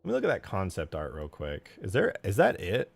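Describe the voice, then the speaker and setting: A man streaming as he builds a game mod, chatting casually while he works. He mutters quietly as he models, then bursts out loudly to thank viewers. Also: low voice, huge pitch swings, fairly quick, creaky, husky.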